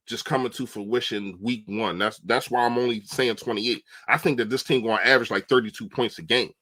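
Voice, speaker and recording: A man's voice: mid-range voice, a bit bright, dry recording. A young man on a casual football livestream, chatting animatedly and answering viewers' comments. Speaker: livestream host. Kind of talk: casual live-stream football talk.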